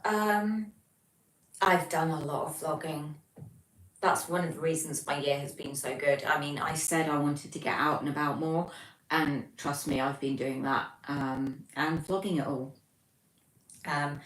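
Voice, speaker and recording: A woman's voice: low-pitched, measured pace. A young English woman hosting a casual livestream, chatting and reading out viewer comments with lots of ums. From England. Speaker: livestream host. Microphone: phone. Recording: echoey room, mic far off.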